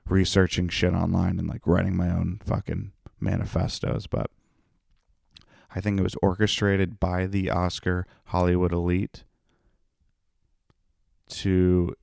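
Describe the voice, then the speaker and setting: A man's voice: deep voice, little pitch movement, measured pace, gravelly, long pauses, a little mellow, no echo, studio quality. A comedian hosting his own podcast, rambling and profane in a tired, self-mocking solo monologue. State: tired, yawning.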